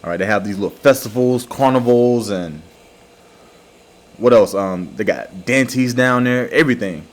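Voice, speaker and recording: A man giving an informal religious lesson, slowly repeating words and checking in with "all right" and "okay" after each point. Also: mid-range voice. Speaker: religious teacher.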